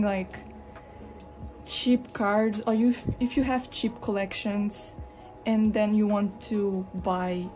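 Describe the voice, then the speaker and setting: A young woman from Europe chatting casually at home while showing her collection, rambling and expressive, slipping into animated retellings. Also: medium pitch. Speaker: vlogger. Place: hot room at home with a fan running.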